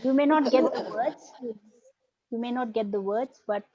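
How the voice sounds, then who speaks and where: A woman with a slightly high, dark-toned voice teaches an online Buddhist philosophy class over a video call at normal speed. She explains patiently, often checking in with "right?" and "okay," and the call audio is dull and lo-fi.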